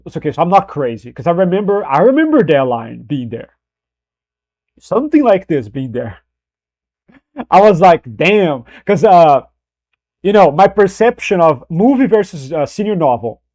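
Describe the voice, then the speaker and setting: A man's voice: a little high, a little mellow. A man chatting casually on a livestream, rambling, restarting and correcting himself as he goes. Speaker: streamer.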